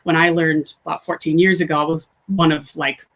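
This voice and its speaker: A woman's voice: low voice, flat delivery, brisk. A woman in her thirties with a Midwestern American accent, chatting as an interview guest, laughing often and talking with many fillers. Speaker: guest, sugaring instructor. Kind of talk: casual interview chat.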